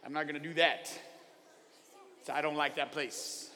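A man's voice: fairly high pitch, little pitch movement, moderate pace, bright, forceful tone, in a large hall, voice pushed down. A man voicing the prophet Jonah as a sulky, grudging adult who mumbles his excuses.

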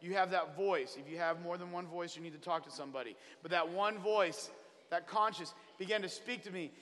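Male preacher, comic testimony storyteller, bright and pushy tone, big reverberant church sound. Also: high-pitched, fairly quick. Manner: animated storytelling, acts out his own prayers. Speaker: traveling children's minister. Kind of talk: comedic testimony sermon. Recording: long hall reverb.

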